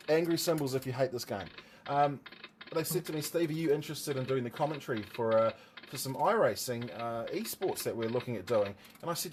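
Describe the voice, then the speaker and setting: A man's voice: fairly high pitch, lively intonation, fast talker, a little hiss or hum. A man with a New Zealand accent hosting a casual livestream, rambling and joking with his viewers. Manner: rambling, chatty, jokey asides to viewers. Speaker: livestream host and motorsport commentator.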